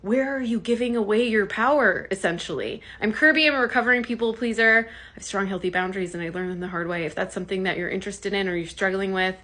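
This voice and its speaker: A woman's voice: mid-range voice, fast talker, hardly any pauses, pushed and bright. A woman talking straight to her audience in a casual advice vlog, emphatic and conversational, acting out bits of dialogue as she tells a story. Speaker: social media creator. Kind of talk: direct-to-camera advice vlog.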